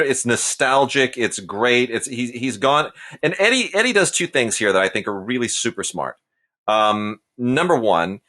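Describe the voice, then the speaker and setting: Bright-voiced, emphatic man reviewing films. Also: medium pitch. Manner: opinionated, emphatic. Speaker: podcast co-host. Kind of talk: casual review chat.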